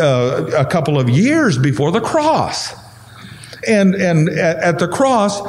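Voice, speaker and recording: Pastor guy losing his voice, kinda hoarse, chatty bible study, voice sits a bit high. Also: darkish tone. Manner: conversational, asks the listeners rhetorical questions. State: voice going hoarse and weak.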